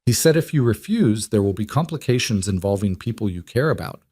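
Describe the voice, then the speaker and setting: A man's voice: fairly low pitch, expressive, fairly quick, warm tone, breathy edge, no echo, studio quality. A man voicing an anxious young woman, a nursing assistant, pleading and worried in an audiobook reading.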